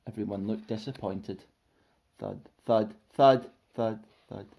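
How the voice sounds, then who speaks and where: A man reading a children's storybook aloud with expressive, lively narration. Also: on the low side, takes it slowly.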